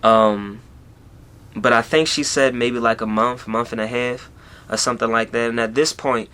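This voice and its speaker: A man's voice: mid-range voice, fairly even intonation, moderate pace, sharp tone, clear, resonant tone. A young man talking through a personal story on his vlog, rambling along with plenty of "you know" and "like" in a casual way. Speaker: YouTuber.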